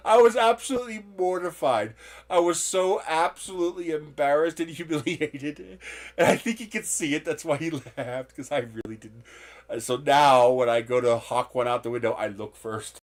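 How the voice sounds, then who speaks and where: Candid rambling man, fairly high voice. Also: moderate pace. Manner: candid, rambling, swears freely. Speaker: livestream host. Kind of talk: casual live-stream chat.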